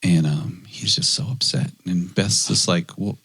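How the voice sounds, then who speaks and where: A man co-hosting a podcast, telling a family story in casual chat, animated and laughing often. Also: sits low, measured pace, husky. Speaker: podcast co-host.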